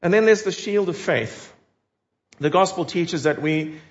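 A man preaching with earnest emphasis and a fairly high voice, pressing his listeners with direct questions. The recording is dull and lo-fi. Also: normal speed. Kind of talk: sermon.

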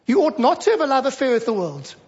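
Preacher, sermon, high voice, emphatic, repeats phrases, dull lo-fi recording. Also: big pitch swings, fast talker, darkish tone.

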